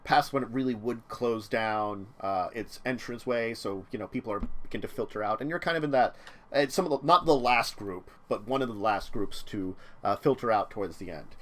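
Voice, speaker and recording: A man's voice: on the low side, fairly quick, fairly bright tone. A man narrating a tabletop role-playing game as game master, rambling along with many fillers and restarts.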